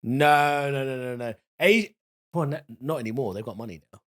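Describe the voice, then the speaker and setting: A man's voice: medium pitch, normal speed, fairly bright tone. A young man, a comedian talking casually on a podcast in a blunt, frank way.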